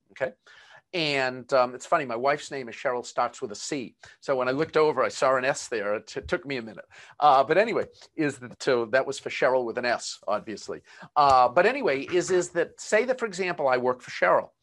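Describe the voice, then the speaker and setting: A man's voice: mid-range voice, fairly bright tone. A man with a Boston accent presenting a live webinar on management, chatty and full of fillers and asides. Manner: conversational, many fillers and asides.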